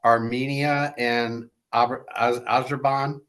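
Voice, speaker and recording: A man's voice: medium pitch, level tone, takes it slowly, fairly bright tone. A man co-hosting a political podcast, speaking bluntly and stumbling over names as he reads items aloud. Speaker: podcast co-host. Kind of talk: casual political chat.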